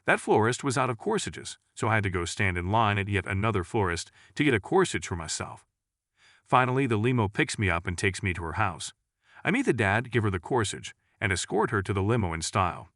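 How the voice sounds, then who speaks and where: A man reading jokes aloud in a lively, storytelling way. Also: fairly low pitch, fairly quick, dry recording, clean studio sound. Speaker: joke narrator. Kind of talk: scripted joke reading.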